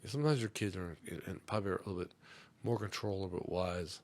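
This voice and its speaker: A middle-aged man on a comedy podcast telling a profane story, swinging between loud outbursts and muttered asides. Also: low-pitched, quick pace. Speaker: podcast host.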